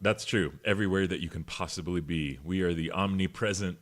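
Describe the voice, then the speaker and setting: A man co-hosting a casual podcast, bantering playfully with frequent chuckles and reading ad copy smoothly. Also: low-pitched, brisk, fairly bright tone. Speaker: podcast co-host.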